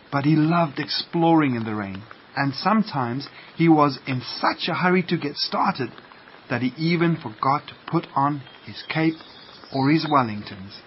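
Man slowly reading a children's story. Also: on the high side. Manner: slow, gentle read-aloud. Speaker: radio storyteller. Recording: muffled lo-fi radio, faint hiss.

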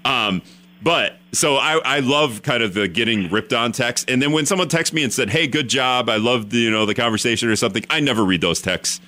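A man's voice: mid-range voice, fairly quick, pushed and bright. A man hosting a radio talk show, rambling and self-deprecating with many restarts.

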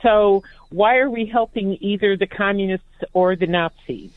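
A woman's voice: mid-range voice, normal speed. A woman calling in to a radio talk show, asking a question hesitantly. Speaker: caller. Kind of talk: call-in conversation. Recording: tinny phone line.

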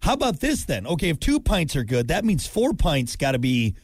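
A male morning radio co-host joking through casual banter, his voice sitting a bit high and swinging widely. The sound is dry and close on a studio mic. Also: brisk, husky, dry recording. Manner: joking, lively, animated storytelling.

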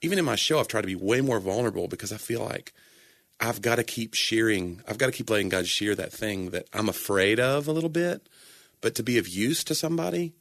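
Man, deep-ish voice, earnest rambling talk, dry sound. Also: a little fast, gravelly, a bit bright, no room sound. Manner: earnest, rambling, self-correcting. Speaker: entertainer and church speaker. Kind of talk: casual faith conversation.

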